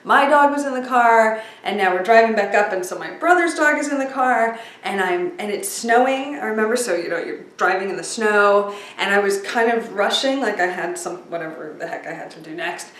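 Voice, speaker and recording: A middle-aged woman talking casually about breathing and slowing down, with lots of fillers and asides. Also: mid-range voice, a bit bright. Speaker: speaker sharing breathing tips. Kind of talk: casual storytelling talk. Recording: echoey room, mic at a distance.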